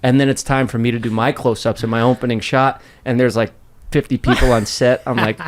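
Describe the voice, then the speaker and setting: A man's voice: mid-range voice, little pitch movement, fairly quick. A young man with a New York accent hosting a podcast, telling loose, profane stories in casual chat. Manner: loose, profane storytelling with laughs. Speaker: podcast host.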